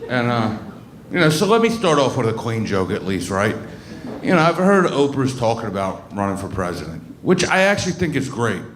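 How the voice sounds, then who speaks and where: A stand-up comic from Baltimore, in his thirties, rambles crudely through a comedy club set with lots of fillers and restarts. His mid-range voice is sing-song and fairly quick, heard in an echoey room with slight background noise.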